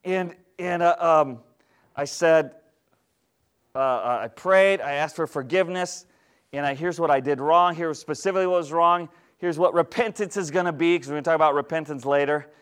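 A man's voice: on the high side, normal speed, fairly bright tone, smooth. A male pastor giving a candid, conversational sermon to his congregation, often asking them rhetorical questions. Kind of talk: storytelling sermon.

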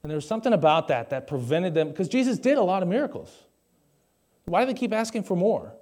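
A man's voice: sits high, lively intonation, fast talker, darkish tone. Casual man preaching a sermon. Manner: conversational, jokey asides, asks the audience questions. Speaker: pastor.

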